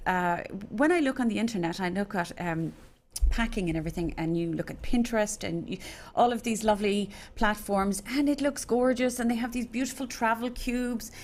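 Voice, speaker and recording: A woman hosting a radio show from a studio, chatting casually with many asides. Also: a little high. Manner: chatty, rambling, full of asides. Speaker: host.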